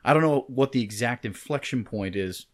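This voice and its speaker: A man's voice: mid-range voice, moderate pace. A man co-hosting a podcast in casual chat, thinking aloud and rambling with lots of fillers. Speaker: podcast co-host.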